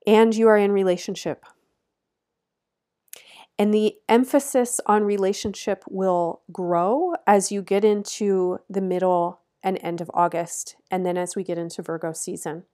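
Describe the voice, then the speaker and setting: A woman's voice: mid-range voice, fairly even intonation, unhurried, mellow. Earnest, encouraging woman astrologer. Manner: earnest, encouraging, laughs between phrases; emphatic repeated instructions. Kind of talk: astrology forecast talk.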